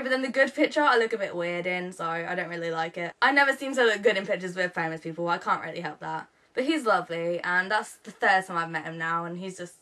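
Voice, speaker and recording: A woman's voice: a little high, pushed and bright. A teenage girl, rambling through a casual vlog story with many fillers and quoted dialogue. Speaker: vlogger.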